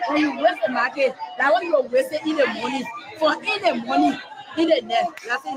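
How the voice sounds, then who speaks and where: A woman's voice: high-pitched, brisk. A woman market trader with a Liberian accent, speaking in a street interview in an emotional, repetitive way. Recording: crowd noise of a busy street.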